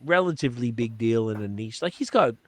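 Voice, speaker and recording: A man's voice: medium pitch, lively intonation, a little fast, no room sound. A man hosting a podcast, chatting casually and rambling with swearing and fillers. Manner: loose and profane, rambling with lots of fillers. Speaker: podcast host.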